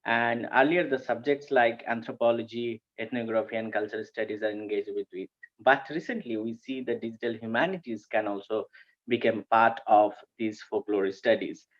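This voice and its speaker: A man, presenting a conference paper and pausing often with fillers and restarts. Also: mid-range voice, steady tone, lo-fi sound. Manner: hesitant, frequent fillers and restarts. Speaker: academic presenter.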